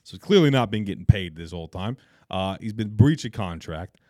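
A young man with a lowish voice co-hosts a casual soccer podcast, blunt and opinionated, happily trash-talking teams he dislikes. The sound is dry and close, with no room around it. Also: lively intonation, brisk, a little mellow, no room sound. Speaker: podcast co-host. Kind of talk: casual sports chat.

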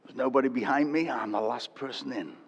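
An older man preaching a sermon, telling a story animatedly and swinging from loud to hushed. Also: mid-range voice, fairly quick, creaky, husky. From England. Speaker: pastor. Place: church hall. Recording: dull echoey church hall recording.

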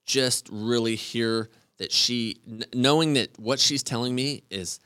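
A man's voice: medium pitch, measured pace, bright, forceful tone, smooth, no echo, clean studio sound. A man hosting a podcast who speaks earnestly and reflectively in casual chat, often filling with "like" and "right?". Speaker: podcast host.

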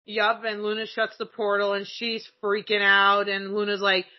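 A woman's voice: mid-range voice, completely flat delivery, moderate pace. A giggly woman in casual chat who swears freely and keeps acting out lines from a show. The recording sounds a little dull and lo-fi. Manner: giggly, swears a lot, acts out quotes. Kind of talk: casual chat reviewing a cartoon episode.

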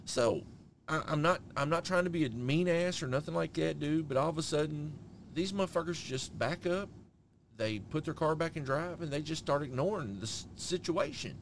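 A man's voice: on the high side, lively intonation, normal speed, creaky, a little hiss or hum. A middle-aged man co-hosting a podcast, telling a story in casual chat with heavy swearing. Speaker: podcast co-host.

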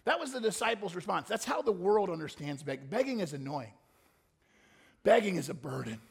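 A male pastor delivering a sermon with a high-pitched, gravelly voice. He jokes casually with the congregation, then builds up into fervent, shouted pleading. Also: big pitch swings, a little fast. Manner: swings from soft asides to fervent shouted pleading prayers; conversational, joking with the congregation.

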